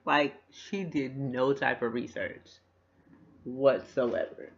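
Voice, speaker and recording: A man's voice: medium pitch, takes it slowly, creaky. A man casually recapping a TV episode, animatedly retelling scenes and acting out the characters' lines. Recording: dull lo-fi recording.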